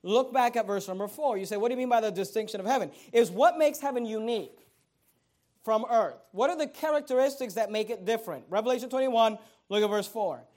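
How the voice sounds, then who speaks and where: High-voiced man preaching a sermon. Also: brisk. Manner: conversational preaching, rhetorical questions, rising loud emphasis. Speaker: pastor.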